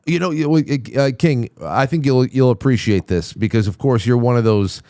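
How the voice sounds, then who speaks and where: Smooth-voiced male talk show host. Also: mid-range voice, normal speed, mellow, dry recording, studio quality. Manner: rambling, many restarts and stammers. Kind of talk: casual on-air chat.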